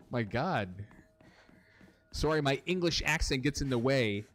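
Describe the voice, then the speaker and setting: A man's voice: fairly high pitch, lively intonation, normal speed, fairly bright tone. Chatty young man streaming a game. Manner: chatty, swears, answers chat. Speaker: gaming streamer. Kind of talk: casual let's-play commentary.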